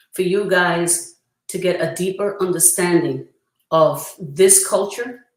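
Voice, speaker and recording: A priestess presenting a spiritual workshop, talking earnestly and reverently with frequent pauses, and reciting a prayer. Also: female voice, lowish voice. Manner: earnest, reverent, pausing often to gather thoughts. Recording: roomy echo.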